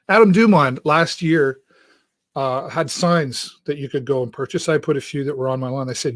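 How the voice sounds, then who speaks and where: A male talk show host speaking earnestly and haltingly to his viewers, often restarting his sentences, from inside a church. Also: mid-range voice, dry recording, studio quality. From Canada. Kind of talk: heartfelt monologue to viewers.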